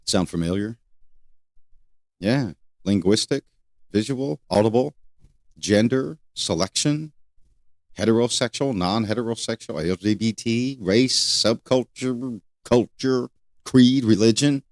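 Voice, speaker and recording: An older man hosting a solo talk show, rambling and repeating questions with many pauses. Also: mid-range voice, a little mellow, no room sound, studio quality. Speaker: host.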